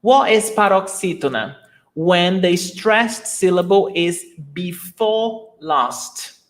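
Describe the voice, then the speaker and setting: A man whose first language is Portuguese, teaching a live online lesson and patiently repeating words slowly for his learners. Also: high voice.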